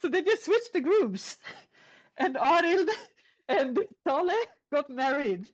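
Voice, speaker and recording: A woman retelling an old folk tale in a chatty, animated storytelling style. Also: sits high, slow. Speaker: podcast storyteller. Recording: lo-fi podcast audio.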